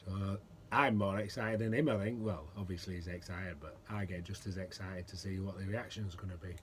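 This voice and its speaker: A man from the United Kingdom with a hoarse, gruff voice after a cold, chatting plainly and self-deprecatingly about his pipes and tobacco as a vlog host. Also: deep voice, fairly even intonation, fairly quick, slight background noise. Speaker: pipe maker and tobacco reviewer. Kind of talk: casual chat to camera.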